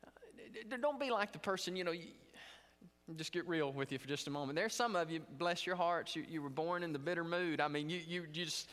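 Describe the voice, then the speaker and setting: A man preaching a chapel sermon in a slightly high voice. He tells stories with lively energy, acting out the scenes. His voice rings with a long reverb. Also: brisk. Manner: animated storytelling, acts out scenes. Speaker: guest preacher. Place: seminary chapel.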